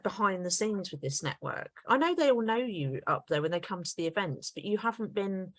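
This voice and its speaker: A woman's voice: mid-range voice, very animated, a little fast, no echo. A woman co-hosting a podcast, praising her guest in long, effusive, running sentences. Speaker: podcast co-host. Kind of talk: casual interview chat.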